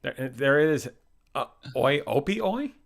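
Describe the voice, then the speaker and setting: A man's voice: medium pitch, sing-song, unhurried, gravelly. Joking man reading out live chat comments. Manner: jokey, reads out viewer comments. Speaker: host. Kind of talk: casual livestream chat.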